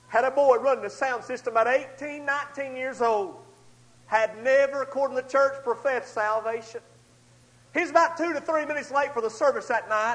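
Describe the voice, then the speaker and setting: A man preaching a storytelling sermon, swinging between loud outbursts and hushed asides. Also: extremely high pitch, rough recording.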